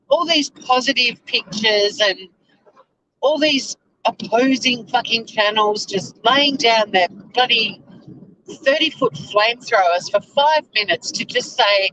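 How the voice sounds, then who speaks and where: A woman's voice: on the high side, fairly bright tone, a little hiss or hum, poor audio. A woman vlogging from inside her car, ranting in exasperation and swearing freely. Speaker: YouTuber. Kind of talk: casual vlog rant.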